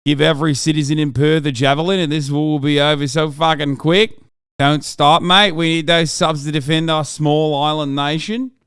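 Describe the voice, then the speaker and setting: A man's voice: a little high, brisk, few pauses, smooth, no echo, clean studio sound. A man hosting a live stream, reacting to political clips in casual, profane, slangy commentary. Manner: animated, profane, slangy, addresses chat as bro. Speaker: streamer host.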